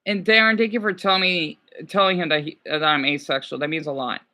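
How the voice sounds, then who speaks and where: A man's voice: fairly high pitch, level tone, a little fast, bright, forceful tone. A man livestreaming casually, rambling, swearing and apologizing as he answers viewer comments.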